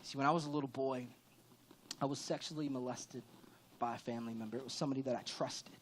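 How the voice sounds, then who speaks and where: A man's voice: mid-range voice, steady tone, fast talker, slight background noise. A male pastor preaching a sermon in a candid, conversational way, with sudden emphatic rises. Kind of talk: church sermon.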